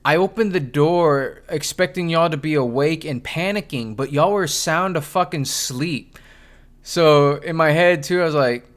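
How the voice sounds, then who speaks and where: A man's voice: a little high, moderate pace, a bit bright. A young man hosting a podcast, telling a story in casual chat, swearing and laughing, acting out what people said. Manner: laughing, swearing, acts out quotes. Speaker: podcast host.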